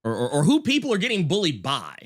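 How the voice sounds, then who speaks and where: A man hosting a casual interview, talking in a rambling, halting way with many restarts. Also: fairly high pitch, huge pitch swings, a bit bright. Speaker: podcast host.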